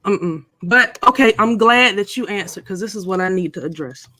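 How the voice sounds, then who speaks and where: A woman's voice: medium pitch, normal speed, pushed and bright, dry recording. A middle-aged woman hosting a casual live stream, chatting and playfully teasing viewers.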